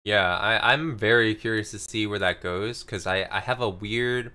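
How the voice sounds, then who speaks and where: A man's voice: fairly low pitch, normal speed, bright, forceful tone, smooth. A man co-hosting a podcast, reviewing comic chapters in casual, rambling chat full of "like" fillers. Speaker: podcast co-host.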